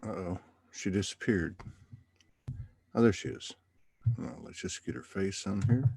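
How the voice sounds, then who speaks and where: Man, host, casual rambling chat, fairly low voice, dry close sound. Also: unhurried, darkish tone, husky, no echo. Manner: loose, rambling, chatty. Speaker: livestream host.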